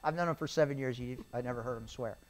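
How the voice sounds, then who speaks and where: A middle-aged man on stage as a guest speaker, telling rambling, animated stories about his career to a live audience and often tagging lines with "right?". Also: medium pitch, fast talker. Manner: animated, rambling storyteller who keeps adding "right?". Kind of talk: storytelling interview on stage. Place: event venue with a live audience.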